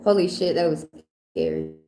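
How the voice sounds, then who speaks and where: A woman's voice: sits low, huge pitch swings, moderate pace. Chatty Southern woman reading tarot. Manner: chatty, loose, swears casually. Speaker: tarot reader. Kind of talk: casual livestream tarot reading.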